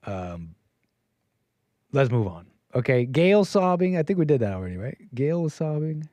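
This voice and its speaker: A man's voice: medium pitch, sing-song, moderate pace, mellow, no echo. A man hosting a call-in show, riffing in a mocking, rambling way and putting on silly voices to quote people. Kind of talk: casual on-air commentary.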